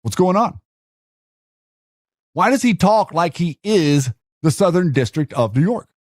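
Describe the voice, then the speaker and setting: Talk-show host, male, slightly high voice, rambling and questioning, dry close mic. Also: big pitch swings, measured pace, dry recording. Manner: rambling, rhetorical questions, many restarts. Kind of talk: casual commentary while screen-sharing.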